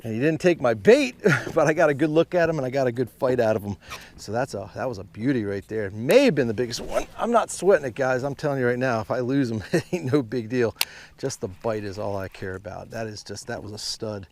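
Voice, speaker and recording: A man giving excited fishing commentary from a boat on a mountain lake, exclaiming often and calling out to viewers as guys. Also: mid-range voice, brisk, a little hiss or hum. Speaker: fishing vlogger.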